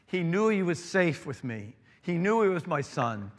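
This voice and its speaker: Earnest preacher in a reverberant hall. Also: male voice, on the high side, very animated, moderate pace. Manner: earnest, swings from emphatic to hushed storytelling. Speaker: pastor. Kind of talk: sermon.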